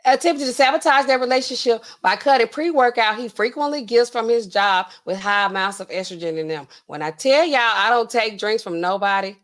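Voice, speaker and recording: A woman hosting a livestream in casual commentary, animated and laughing, acting out quotes in exaggerated voices. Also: on the high side. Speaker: pharmacist livestream host.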